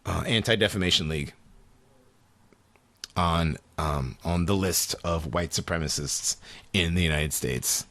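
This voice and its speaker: Animated male podcast co-host. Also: deep voice, dry recording. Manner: animated, loud storytelling with bursts of laughter. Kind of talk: casual podcast chat.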